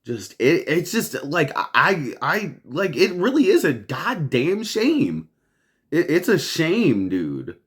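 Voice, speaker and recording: A man's voice: a little high, huge pitch swings, takes it slowly, a bit bright. A man hosting a podcast, ranting over the news in a profane, exasperated way and laughing often. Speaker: podcast host.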